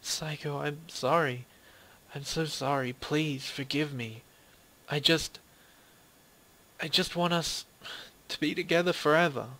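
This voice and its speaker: Man doing a tearful teenage schoolgirl, pleading, breaking voice, slow delivery, bright tone. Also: mid-range voice, voice pushed up.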